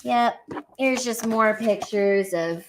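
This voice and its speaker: With a fairly high pitch, she takes her time. A young comedian livestreaming for her fans, she talks casually while weepy and emotional, wandering off topic and swearing liberally.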